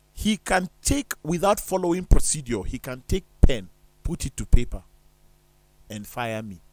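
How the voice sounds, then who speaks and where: A man's voice: medium pitch, a bit bright, dry recording. A man talking on a studio discussion show in an emphatic, preacherly way, firing off rhetorical questions.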